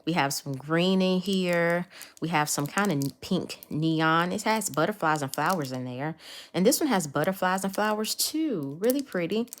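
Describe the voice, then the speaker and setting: A woman's voice: fairly low pitch, animated, normal speed, slight background noise. A woman chatting casually to her viewers while unboxing nail supplies. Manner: chatty, talks to viewers as y'all. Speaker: nail art vlogger.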